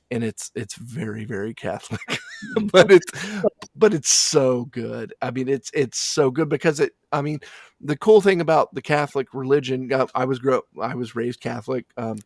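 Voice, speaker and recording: A male funeral director, talking in a halting, reflective way during a casual interview and often restarting his sentences. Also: medium pitch, no echo, studio quality.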